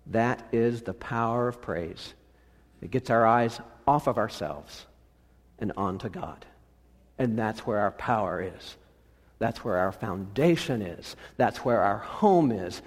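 A pastor giving a sermon, telling a story with emphatic phrases that soften at their ends. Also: male voice, mid-range voice, in a large hall.

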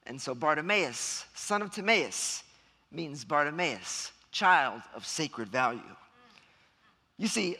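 Male preacher, sermon, swooping expressive delivery, echoing sanctuary. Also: high-pitched. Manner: dramatic storytelling, acting out shouts and voices. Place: church sanctuary. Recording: long hall reverb.

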